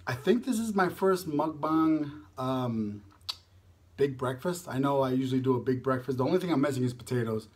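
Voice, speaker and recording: A young man with a husky, slightly breathy voice, talking casually to the camera during a mukbang. He rambles, slips into quiet mumbles between bites, and sounds a little winded. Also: mid-range voice, lively intonation, normal speed. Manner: rambling, drops into mumbles and soft asides while eating. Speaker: mukbang vlogger. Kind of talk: casual chat while eating on camera.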